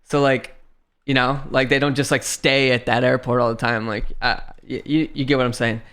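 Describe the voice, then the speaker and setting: On a livestream, a young man with a clear, resonant, medium-pitched voice chats casually at a moderate pace. He swears frequently while laughing his way through an animated retelling of a frustrating story.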